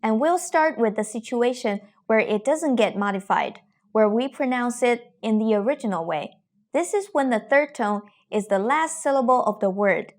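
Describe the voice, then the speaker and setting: A woman teacher leading a pronunciation drill, modelling each word slowly and deliberately for learners to repeat. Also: fairly high pitch, lively intonation. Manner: slow, deliberate modelling of tones. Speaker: Chinese teacher.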